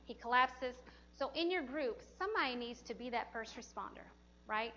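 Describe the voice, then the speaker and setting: Chatty woman teaching cpr, laughs a lot, a bit high, dull recording with some hiss in the room. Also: expressive, normal speed, sharp tone. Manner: chatty and encouraging, laughs often. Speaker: CPR instructor. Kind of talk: hands-on class instruction. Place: classroom or training room.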